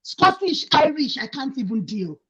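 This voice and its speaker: A woman's voice: sits high, very animated, moderate pace, a loud crowd. A Nigerian woman in casual chat, making her point with emphatic, indignant repetition. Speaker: panel guest. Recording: muffled lo-fi audio.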